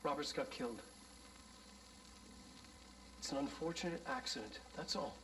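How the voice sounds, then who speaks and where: An actor playing a man who calmly excuses a troubled boy's behavior in a video game. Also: a little high, normal speed, a little hiss or hum, natural voice, low-quality recording. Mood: placating. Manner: calm, dismissive, placating.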